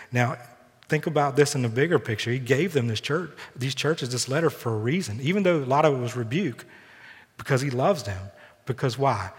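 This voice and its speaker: A man in a church sanctuary preaching a sermon as pastor, earnest, with lively personal storytelling. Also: medium pitch. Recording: long reverb from a large hall.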